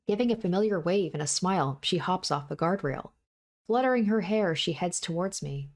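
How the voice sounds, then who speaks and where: A woman with a somewhat low voice reads a first-person story aloud in a dramatic style. She acts out panting breaths and desperate repeated cries, keeping the narration intense throughout. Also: animated, normal speed. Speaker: reader of a visual novel.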